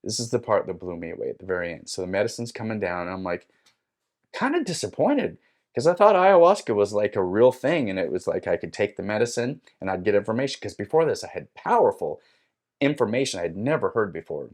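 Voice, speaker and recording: A man with a fairly low voice tells a personal story as a podcast guest. He talks casually and with energy, acting out what he said along the way. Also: fast talker. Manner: animated, acts out his own quotes.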